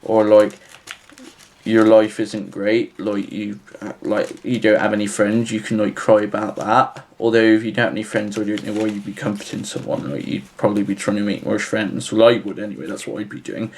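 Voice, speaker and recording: A man giving comic advice in a vlog, rambling and halting with a flat, matter-of-fact delivery. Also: lowish voice, a little hiss or hum. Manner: rambling, halting, filler-heavy. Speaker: vlogger.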